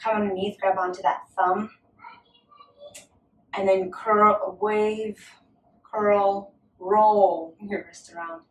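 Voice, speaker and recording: A woman leading a yoga class at home, giving gentle, encouraging cues. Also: mid-range voice, level tone, takes it slowly, long pauses. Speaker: yoga instructor. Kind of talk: guided yoga class with a toddler. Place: home room. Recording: echoey room, mic at a distance.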